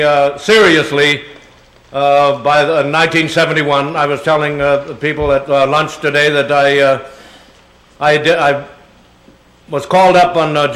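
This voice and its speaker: A man's voice: fairly high pitch, a bit bright. Older man telling rambling anecdotes. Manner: rambling anecdotes with many fillers and chuckles. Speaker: guest speaker answering audience questions. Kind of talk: public Q&A talk. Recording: echoey hall sound.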